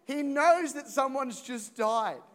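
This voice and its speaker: High-voiced man preaching in an echoing hall. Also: slow pace. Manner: animated, playful, acts out stories, repeats words. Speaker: pastor. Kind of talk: sermon. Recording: long reverb of a large hall.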